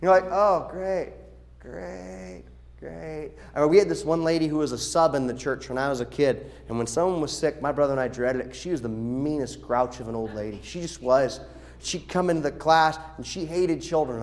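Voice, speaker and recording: Animated pastor addressing his church. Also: fairly high pitch, fast talker. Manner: animated, acts out quoted voices. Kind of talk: instructional church talk. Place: church sanctuary.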